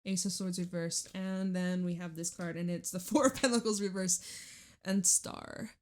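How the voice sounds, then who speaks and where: A woman's voice: on the low side, steady tone, normal speed. A woman giving a casual tarot reading in a chatty, laughing way, full of fillers. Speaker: tarot reader.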